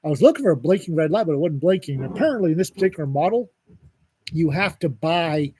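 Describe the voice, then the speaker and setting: A man's voice: fairly high pitch, lively intonation, quick pace, a little mellow, slight background noise. A man co-hosting a podcast, telling a story in a dry, wisecracking way during a casual chat. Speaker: podcast co-host.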